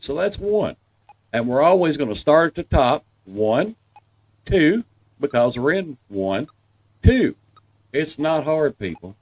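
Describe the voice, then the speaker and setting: Folksy Southern man with a lively voice. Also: mid-range voice. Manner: folksy and reassuring, addresses viewers as folks. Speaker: gameplay guide. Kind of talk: walkthrough commentary over gameplay.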